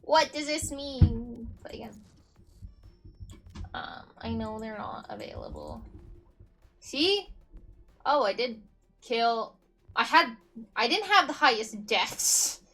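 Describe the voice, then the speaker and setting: A woman's voice: fairly high pitch, wildly swooping pitch, slow pace, pauses often, fairly bright tone, faint music behind. A woman streaming a shooter game, chatting casually and mocking her own play, with the odd swear. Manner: chatty, self-deprecating, swearing. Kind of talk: casual gameplay commentary.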